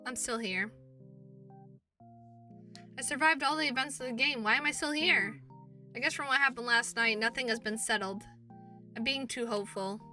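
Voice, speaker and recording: High bright-voiced woman gamer. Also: normal speed, long pauses, distant mic, faint music behind. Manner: expressive, swears, laughs at herself. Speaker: streamer reading a visual novel aloud. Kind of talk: game playthrough, reading and reacting.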